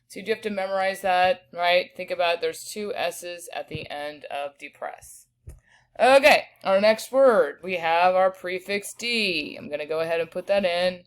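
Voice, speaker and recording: Woman teacher walking thru spelling words, lowish voice, sounds out every word real slow. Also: clear, resonant tone. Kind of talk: recorded spelling lesson.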